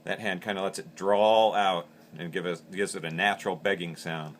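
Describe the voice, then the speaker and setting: In an instructional demonstration, a call maker instructor explains things plainly and practically, step by step, repeating words as he goes. His voice is low-pitched with fairly even intonation, at a moderate pace.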